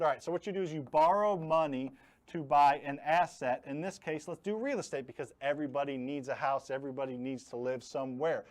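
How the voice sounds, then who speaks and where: A man's voice: on the high side, fairly quick. A man hosting a live online investing class, talking bluntly and jokingly and leaning hard on his key words. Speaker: host teaching real estate investing. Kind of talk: live online training talk.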